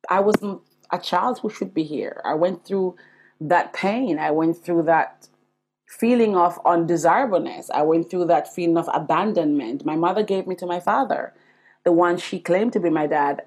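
A middle-aged woman speaks with a slightly low, husky voice. She shares her personal testimony earnestly and repeats phrases for emphasis. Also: darkish tone. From Caribbean. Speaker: speaker sharing her life story.

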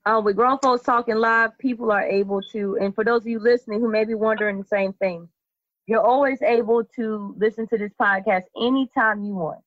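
A woman's voice: fairly high pitch, fairly even intonation, brisk, no room sound. A woman podcast host telling a Bible story casually, acting out the characters with slangy quoted voices. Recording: dull lo-fi, dry sound.

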